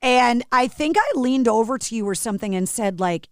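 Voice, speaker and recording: A middle-aged woman hosts a podcast and tells a story with animated, vivid energy. Her voice is fairly high. The sound is close and dry. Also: moderate pace, clear, resonant tone, no echo. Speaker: podcast host. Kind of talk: casual storytelling chat.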